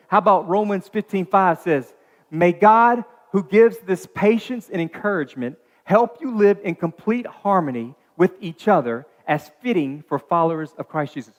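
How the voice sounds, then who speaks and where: A man preaching as a pastor in a dark church auditorium, telling a personal story in a chatty, animated way with many asides and restarts. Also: sits high, moderate pace, in a large hall. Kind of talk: sermon.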